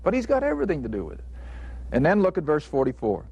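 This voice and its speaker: A man's voice: on the high side, huge pitch swings, quick pace, a little mellow, breathy edge. Man teaching the Bible, earnest and emphatic. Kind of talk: conversational Bible lesson. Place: studio taping.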